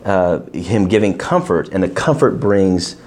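Lively low-voiced man teaching Scripture. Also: a little slow, a little hiss or hum. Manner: asks the class questions, animated emphasis. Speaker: teacher leading a Bible study. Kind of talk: interactive Bible teaching.

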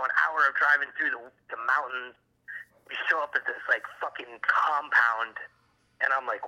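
A man tells his brother a long, winding story over a phone call. His voice is very bright and sharp. He swears freely and leans on fillers as he rambles. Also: a little high. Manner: rambling, profane, heavy fillers. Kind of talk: casual chat.

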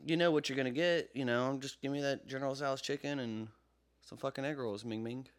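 A man co-hosting a podcast in casual chat, rambling and swearing, with sudden loud outbursts, recorded in a podcast studio. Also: medium pitch, steady tone, fairly quick. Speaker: podcast co-host.

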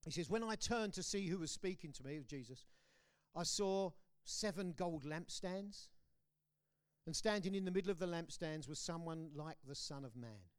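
High-voiced preacher, British accent. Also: male voice, normal speed, clear, resonant tone. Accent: British English. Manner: emphatic, swings between loud declarations and hushed lines. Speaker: pastor. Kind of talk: sermon. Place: church hall.

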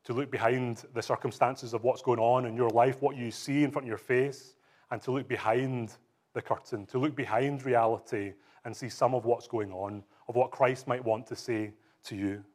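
Male preacher, mid-pitched, earnest sermon delivery with emphatic scripture reading. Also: fairly even intonation, normal speed, a little mellow. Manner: earnest, reads scripture aloud with rising emphasis.

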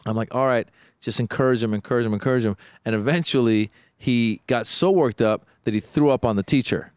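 A man's voice: medium pitch, a little fast, clear, resonant tone, dry recording, studio quality. A man in his thirties chatting casually as a podcast co-host, acting out quotes as he tells stories. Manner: animated storyteller, acts out quotes. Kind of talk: casual chat.

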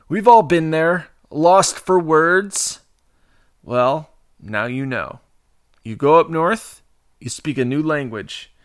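A man hosting a casual podcast in an animated, jokey way. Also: on the high side, no room sound, studio quality. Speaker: podcast host. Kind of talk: casual betting-podcast talk.

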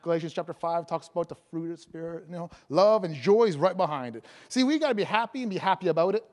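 A man evangelist preaching a sermon, joking and laughing between lines and breaking into loud proclamations of scripture. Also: a little high, lively intonation, quick pace. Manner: jokey, laughing often, bursts of loud proclaiming.

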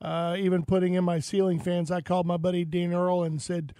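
A man with a high-pitched voice tells loose, rambling stories in casual chat. He is recorded dry and close, with no room sound, and scatters "uh" and "you know" through his talk. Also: level tone, brisk, mellow, no room sound. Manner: rambling anecdotes with frequent fillers.

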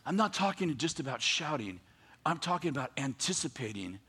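A man preaching a sermon in a high, bright voice. He tells stories in an animated way and voices other people's lines. He drops to a quiet tone for scripture, then rises to excited shouting. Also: fairly quick, slightly rough. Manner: swings from quiet reading to loud excited shouting; animated storytelling with voiced asides.

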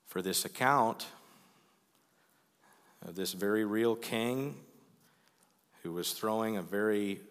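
A man preaching a sermon as the pastor, earnest and pleading, sometimes pushing to loud emphasis. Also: lowish voice, in a large hall. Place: church sanctuary.

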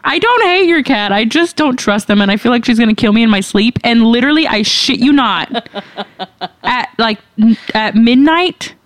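Young woman, podcast co-host, casual chat, laughs often, swears freely, slightly high voice, dry close mic. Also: expressive, normal speed, no echo. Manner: laughing, candid and profane, reads questions aloud. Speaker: podcast co-host answering listener questions.

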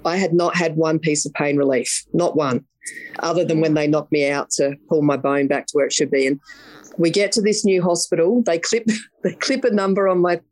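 An Australian woman recounts her story to an interviewer, bluntly and vividly, acting out each line of quoted dialogue. Her voice sits on the low side. The sound is dry and close, with no room echo. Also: fairly even intonation, normal speed, a little mellow. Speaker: podcast guest.

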